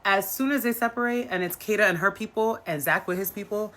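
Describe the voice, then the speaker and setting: A woman's voice: medium pitch, fairly quick, fairly bright tone. Blunt gossipy woman recapping reality TV. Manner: blunt and gossipy, breaks into quoted voices. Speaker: reality TV commentator. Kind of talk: casual reaction commentary.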